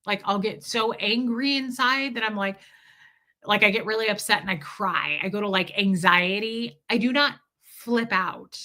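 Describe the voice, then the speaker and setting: Bright-voiced woman chatting on a livestream. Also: medium pitch, normal speed. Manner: candid, emphatic, swears freely, often repeats words. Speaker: livestream host reading viewer chat. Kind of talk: casual livestream chat.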